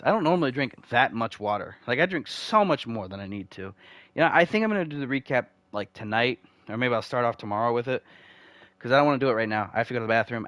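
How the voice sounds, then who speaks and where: Young man, casual game commentary, rambling, reads stats quickly, mid-pitched, dry close mic. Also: fairly bright tone, no room sound. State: uncomfortable, needs the bathroom. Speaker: video game franchise mode host.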